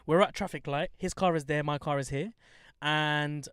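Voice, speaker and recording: A young man with a London accent, co-hosting a podcast and telling a story in lively casual chat, acting out other people in high voices. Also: normal speed, clear, resonant tone, dry recording, clean studio sound. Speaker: podcast co-host. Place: studio.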